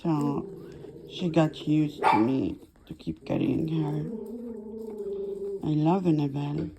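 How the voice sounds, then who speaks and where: A woman filming her puppies at home, explaining how they grow and slipping into high baby talk with them. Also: steady tone, slow, gravelly, background noise. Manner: switches between plain explaining and high-pitched baby talk.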